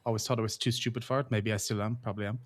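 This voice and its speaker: A man's voice: on the low side, level tone, rapid-fire. A man with an Irish accent, talking as a guest in a casual interview, easygoing and self-deprecating. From Ireland. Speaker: guest, game community manager.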